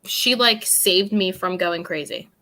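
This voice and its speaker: A woman's voice: on the low side, measured pace, bright, forceful tone. A young woman from New York, co-hosting a podcast and chatting casually, blunt and rambling, laughing often. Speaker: podcast co-host. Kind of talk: casual chat.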